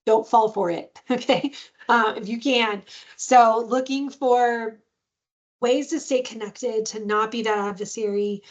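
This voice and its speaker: A woman's voice: on the high side, steady tone, a little slow, lo-fi sound. A woman giving a parenting webinar in a conversational way, with many fillers and sudden playful sing-song bits. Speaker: webinar presenter on adoptive parenting. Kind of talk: instructional webinar talk.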